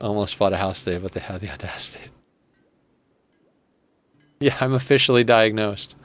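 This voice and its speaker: A man's voice: lowish voice, normal speed. A man chatting casually on a gaming live stream, rambling, sarcastic and swearing freely. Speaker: game streamer.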